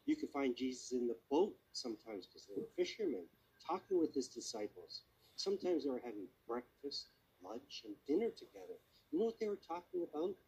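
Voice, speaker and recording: A man giving a children's sermon. He tells a Bible story in an animated way and keeps asking the children questions. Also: mid-range voice, a little fast, husky, rough recording. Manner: animated, asks listeners questions.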